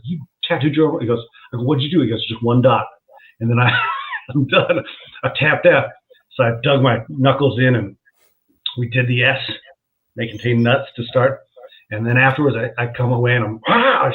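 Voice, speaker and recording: A man, a comedian guest, telling a story in casual chat, laughing as he goes and acting out what people said. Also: medium pitch. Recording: tinny phone-like line.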